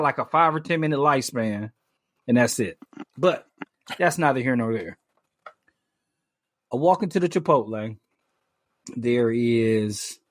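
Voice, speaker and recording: A man on a podcast, telling a story in casual chat, animated, full of fillers and restarts, swearing freely. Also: mid-range voice, dry recording, studio quality. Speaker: podcast co-host.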